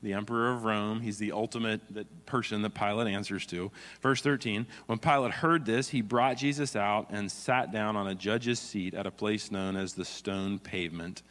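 Preacher in a big echoing hall. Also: male voice, on the low side, fairly even intonation, moderate pace, few pauses, fairly bright tone. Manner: earnest, demonstrative, reads scripture aloud. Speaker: pastor. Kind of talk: sermon. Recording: long hall reverb.

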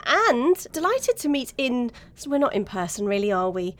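A woman's voice: on the high side, sing-song, fairly bright tone. Playful woman podcast host. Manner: playful, jokey, quick to laugh. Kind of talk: casual chat.

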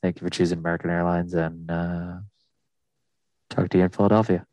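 A man imitating a calm airline captain making a slow, soothing cabin announcement. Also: low-pitched, noisy background, pitched below the performer's own voice, close to an everyday voice. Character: smooth, calm male airline captain on the intercom.

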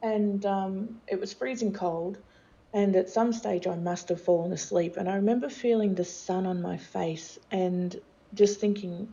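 A woman's voice: medium pitch, steady tone, measured pace, vocal fry, mellow, highs cut off. A middle-aged woman, telling her life story candidly as an interview guest, with many fillers and restarts.

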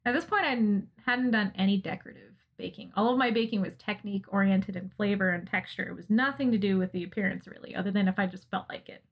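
An American woman in casual podcast chat, animated and laughing as she mock-rants about baking. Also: medium pitch, quick pace, hardly any pauses, husky, dull audio. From United States. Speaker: podcast co-host, interviewee.

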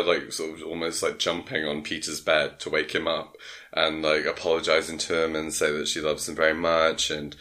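A man with a very deep voice and a bright, forceful edge to it, talking a listener through a story in a loose, casual podcast chat. He rambles as he goes, with plenty of "um" and "like" between his thoughts. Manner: rambling, full of "um" and "like". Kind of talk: casual chat, film plot recap.

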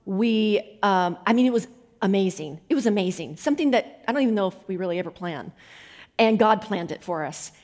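A woman guest minister telling lively stories from the stage, laughing often and acting out the voices of people she quotes. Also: mid-range voice, a little fast. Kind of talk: conference sermon storytelling. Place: conference hall. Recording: long hall reverb.

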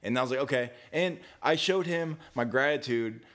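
A young man co-hosting a podcast, chatting casually in a sarcastic, deadpan way with frequent swearing. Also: medium pitch, normal speed. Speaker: podcast co-host. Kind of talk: casual chat.

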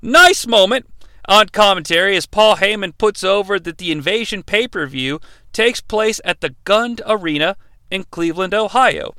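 A man's voice: sits high, pushed and bright, no room sound. A man hosting a podcast, recapping in a casual, sarcastic, joking way with swearing asides. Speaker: podcast host. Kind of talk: casual wrestling recap narration.

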